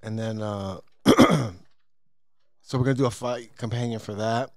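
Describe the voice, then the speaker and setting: Swearing podcast host telling stories. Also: male voice, medium pitch, steady tone, measured pace, no echo. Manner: swearing, storytelling, laughing often. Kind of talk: casual podcast chat. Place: studio.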